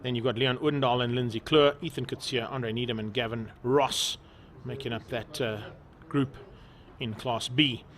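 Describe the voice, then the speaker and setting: A man's voice: fairly even intonation, moderate pace, a bit bright. A man giving live motorsport commentary, lifting his voice when the race gets going. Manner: rises in pitch and volume when the racing starts.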